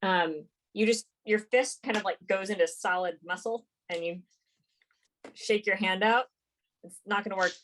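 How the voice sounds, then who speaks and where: A woman narrating as game master of a tabletop game, relaxed and halting with frequent fillers. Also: mid-range voice, slight background noise. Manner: relaxed, hesitant narration with many ums and likes.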